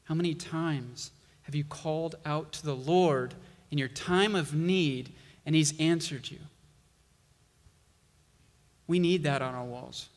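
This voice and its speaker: A male pastor preaching a sermon, slow and emphatic, building intensity on key lines. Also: on the high side, long reverb tail.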